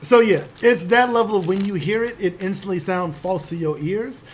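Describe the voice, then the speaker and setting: A high-voiced man from Chicago runs a tabletop game in an animated, emphatic way. He drops casual profanity and explains his points with vivid examples. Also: normal speed, slight background noise. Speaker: game master. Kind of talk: tabletop game narration and banter.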